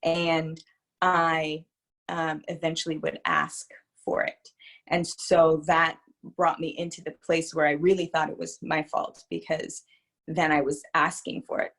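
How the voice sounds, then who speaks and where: A spiritual psychologist, appearing as an interview guest, speaks candidly but hesitantly, reflecting aloud with many pauses. Her voice is low and a bit bright, and her tone stays level.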